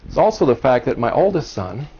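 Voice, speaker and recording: A man's voice: medium pitch, sing-song, fairly quick, dark tone, breathy edge. A man in his sixties from Cuba, a historian speaking at a seminar, telling his story earnestly and with passion. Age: 60s. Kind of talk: seminar talk. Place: seminar room. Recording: dull lo-fi recording.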